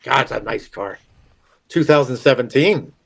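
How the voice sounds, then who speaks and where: A man's voice: mid-range voice, lively intonation, moderate pace, vocal fry, fairly bright tone, breathy edge. A man, a show regular, telling a long self-deprecating story in casual chat, rambling and chuckling. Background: faint music.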